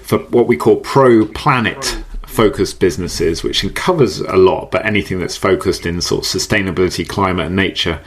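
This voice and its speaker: A man speaking as a podcast guest, explaining ideas in an animated way, often repeating words and laughing easily. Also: low-pitched, normal speed, few pauses, breathy edge. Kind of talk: conversational podcast interview. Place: based in the UK.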